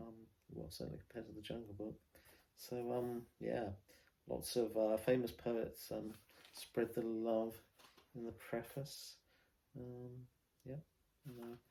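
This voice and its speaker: Man, Southern English home-counties accent, gravelly voice, rambling casual vlog talk, lots of ums. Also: medium pitch, dark tone. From England. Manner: rambling, many ums and restarts. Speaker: vlog host reading war poetry. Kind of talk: casual spoken vlog with poetry readings.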